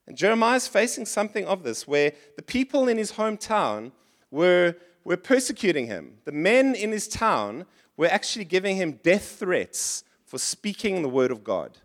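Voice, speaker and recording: Male pastor, high voice, lively preaching style, puts on complaining voices. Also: normal speed. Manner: animated, acts out complaining voices in higher pitch. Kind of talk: sermon. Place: church.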